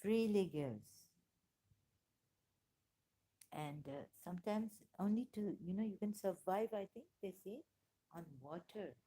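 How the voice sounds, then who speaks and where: A woman's voice: mid-range voice, moderate pace, dark tone, breathy edge. A woman vlogging in a rambling personal monologue, hesitant and full of fillers and restarts, with emotional exclamations.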